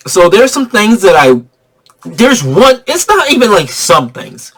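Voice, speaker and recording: A slightly drunk man runs through his favourite film moments in a casual review. His voice sits a bit high and swings widely as he gets excited. He swears freely and keeps breaking into laughter. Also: unhurried. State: tipsy from drinking. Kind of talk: casual spoiler movie review.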